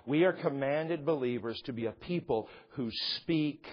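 A man's voice: medium pitch, moderate pace. A man preaching a sermon as a pastor, impassioned and emphatic, repeating phrases for effect, on a slightly dull recording.

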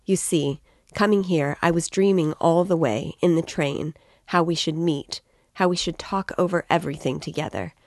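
A woman's voice: sits low, moderate pace, vocal fry, no echo, studio quality. A woman reading the lines of an anxious, loving middle-aged mother who talks in a fretful, pleading way.

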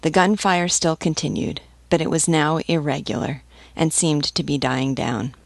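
A woman narrating a novel in a steady, measured way. Her voice sits low, and the recording is dry and close. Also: vocal fry, dry recording. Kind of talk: audiobook reading.

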